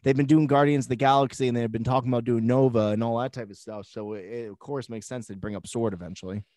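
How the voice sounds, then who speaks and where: A man's voice: mid-range voice, steady tone, quick pace, a little mellow, no room sound. A man co-hosting a casual chat, talking eagerly with plenty of swearing. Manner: swearing, enthusiastic fan talk. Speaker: podcast co-host.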